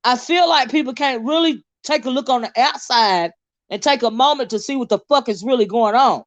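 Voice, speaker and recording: A woman's voice: fairly high pitch, brisk, no room sound, highs cut off. A woman hosting a livestream in casual chat, fired up, blunt and profane, often stumbling over repeated words. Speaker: livestream host.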